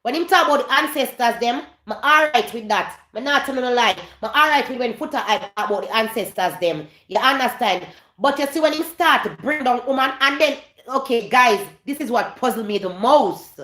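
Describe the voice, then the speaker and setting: A woman's voice: a little high, expressive, normal speed, pushed and bright, roomy sound. A woman with a Jamaican accent hosting a gossip commentary vlog, emphatic and repeating her points, slipping in and out of Patois. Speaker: vlogger host.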